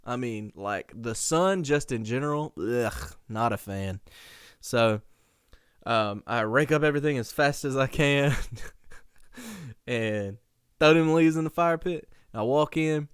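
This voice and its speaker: A young man hosting a podcast, telling a story in a casual, animated way with slang and frequent laughter. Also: mid-range voice, slow pace, clean tone, no room sound, clean studio sound. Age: young adult. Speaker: podcast host.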